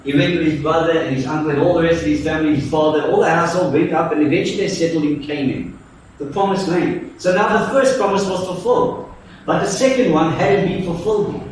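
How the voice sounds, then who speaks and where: A man's voice: a little high, quick pace, a little hiss or hum. A man preaching a sermon and telling the story playfully, acting out its voices with jokes. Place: church hall. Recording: echoey church from far off.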